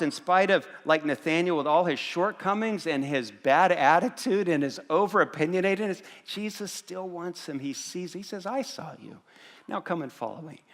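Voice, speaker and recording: A male pastor gives a conversational sermon, tossing rhetorical questions at his congregation and stumbling over repeated words as he restarts. His voice sits slightly high for a man. It rings with the long reverb of a large hall. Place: church auditorium before a congregation.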